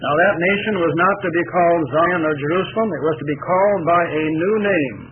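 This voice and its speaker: A man preaching a sermon in a measured, emphatic way, asking the congregation rhetorical questions. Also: on the high side. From United States. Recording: tinny lo-fi radio broadcast with faint hiss.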